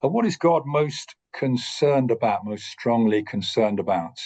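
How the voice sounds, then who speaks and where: A man teaching a course on preaching, speaking in a thoughtful, measured way with frequent pauses and restarts. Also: medium pitch, expressive, darkish tone. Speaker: course tutor.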